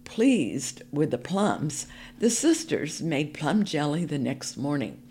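Low-voiced, slow woman storyteller. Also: a little hiss or hum. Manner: calm, measured first-person storytelling. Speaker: narrator. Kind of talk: storybook reading for a podcast.

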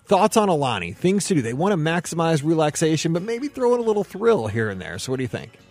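A man's voice: on the high side, big pitch swings, fast talker, darkish tone, soft background music. Midwestern man hosting a chatty podcast. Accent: Midwestern American. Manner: enthusiastic, many fillers and restarts. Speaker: podcast host. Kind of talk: casual podcast chat, reading listener emails.

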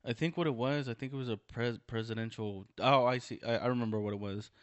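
A man's voice: mid-range voice, steady tone, quick pace, no room sound. A man in casual chat, laid-back and agreeable, laughing along and sharing comedy stories. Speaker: stand-up comedian, podcast co-host.

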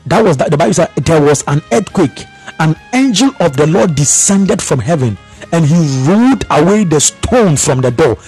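Male pastor, fairly high voice, fervent tongues prayer, rhythmic chanting, faint music behind. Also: animated, normal speed, darkish tone, slightly rough. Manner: rhythmic, repetitive prayer calls. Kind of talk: prayer and Bible teaching.

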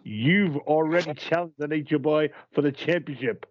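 A man's voice: a little high, normal speed, no room sound. A man playing an upbeat wrestling talk-show host with an announcer's manner, on a dull old radio sound. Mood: calming. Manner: announcer-style, hyping.

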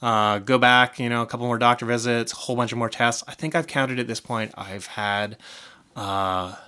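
A man's voice: medium pitch, fairly even intonation, moderate pace, bright, forceful tone, clean tone. A man co-hosting a podcast, short of breath, talking candidly in casual chat and swearing now and then. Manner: candid, swearing, laughing through hard news. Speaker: podcast co-host.

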